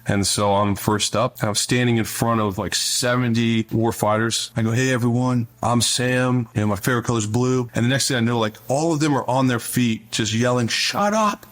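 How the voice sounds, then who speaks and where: A man's voice: medium pitch, steady tone, normal speed, hardly any pauses. A middle-aged man, a former Navy officer, speaking as an interview guest, telling stories in an earnest, conversational way that often repeats words as he starts a thought. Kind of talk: interview storytelling.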